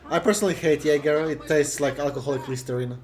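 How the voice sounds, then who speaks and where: A man chatting casually on a let's play, halting and stammering as he talks. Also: on the high side, steady tone. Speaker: streamer. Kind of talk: casual chat.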